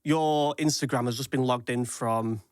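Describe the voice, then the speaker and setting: A man talks through online security in a chatty podcast, laying things out as quick practical lists. His voice sits in an ordinary middle register, recorded close and dry. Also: medium pitch, steady tone, no echo. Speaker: cyber security expert guest. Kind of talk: casual podcast chat.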